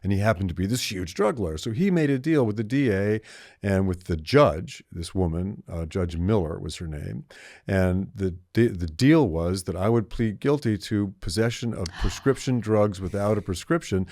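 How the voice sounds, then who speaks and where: Older guy spinning a long yarn, low voice, lots of restarts, dry close mic. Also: moderate pace, no room sound. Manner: rambling, animated storyteller, acts out quoted voices, many restarts. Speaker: podcast co-host. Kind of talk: storytelling in casual chat.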